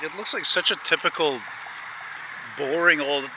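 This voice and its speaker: A man's voice: fairly high pitch, moderate pace. A man hosting a casual walking vlog, talking in a rambling, chatty, enthusiastic way as he strolls outdoors. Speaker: vlogger host. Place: outdoors on a busy city street, walking. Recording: traffic noise outdoors.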